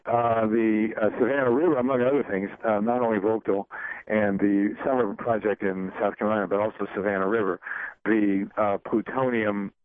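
A man hosting a radio show, talking in a halting, folksy way full of ums and uhs. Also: on the low side, fairly even intonation, dry recording. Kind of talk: casual radio interview. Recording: dry, tinny phone-like broadcast audio.

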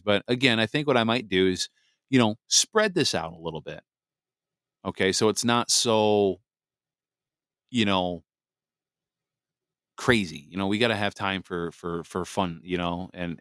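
A man's voice: sits low, a bit bright, clear, resonant tone, no room sound, clean studio sound. A man hosting a podcast, talking on his own in a casual, rambling way, full of fillers and restarts. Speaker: podcast host. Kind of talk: casual solo podcast monologue.

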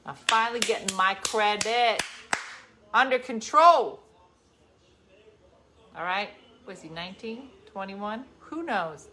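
Lively bright-voiced woman in her forties. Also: mid-range voice. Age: 40s. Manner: animated, swings from loud bursts to hushed asides. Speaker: livestream host. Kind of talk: casual storytelling chat.

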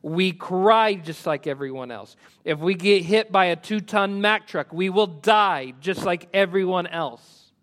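A male pastor preaching a sermon, rising to emphatic lines and dropping to soft, quiet asides. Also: high-pitched, measured pace, hardly any pauses.

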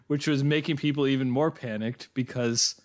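A man's voice: medium pitch, steady tone, normal speed. Man musing aloud in casual chat. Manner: musing, thinks aloud with restarts. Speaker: podcast co-host.

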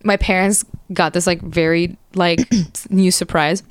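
A woman's voice: lowish voice, fairly even intonation, measured pace, clear, resonant tone, no room sound. A young woman in casual chat, telling stories with many fillers and acting out what people said. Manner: storytelling with many fillers and quoted voices.

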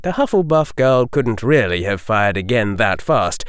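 Sex: man. Role: audiobook narrator. Style: expressive, lively storytelling. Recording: dry studio sound. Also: fairly low pitch, measured pace, smooth, no echo.

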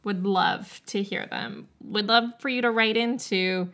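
A woman's voice: medium pitch, steady tone, unhurried, a bit bright. A woman co-hosting a podcast, dropping short, dry remarks in casual chat. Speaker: podcast co-host.

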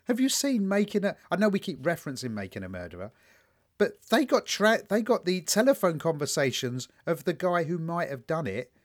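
A man's voice: a little high, brisk. A man co-hosting a podcast, chatting casually and telling stories with lots of swearing. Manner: swearing, storytelling, animated quoting. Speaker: podcast co-host. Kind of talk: casual chat.

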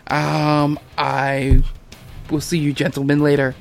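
A game master voicing a nervous young half-elf barmaid who stammers when flustered. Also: female voice, sits low, level tone, slow, creaky, soft background music, exaggerated voice.

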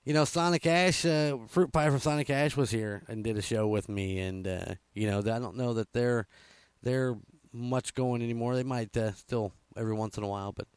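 A man's voice: mid-range voice, moderate pace, clear, resonant tone, dry recording. Rambling male radio host. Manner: rambling, lots of fillers and chuckles. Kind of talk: casual radio chat. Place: radio studio.

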